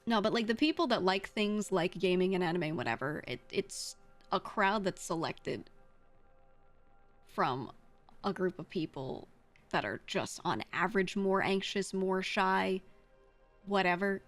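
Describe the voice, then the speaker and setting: A woman's voice: mid-range voice, measured pace, faint music behind. Blunt woman streamer giving frank advice. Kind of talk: casual livestream chat, answering chat.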